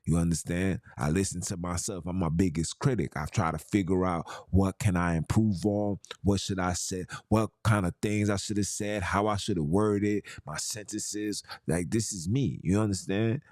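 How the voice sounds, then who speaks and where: Low-voiced man ranting on a podcast. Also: steady tone, moderate pace, hardly any pauses, a little mellow, no room sound, studio quality. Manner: emphatic, slangy street talk, preachy. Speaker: podcast host. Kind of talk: casual monologue.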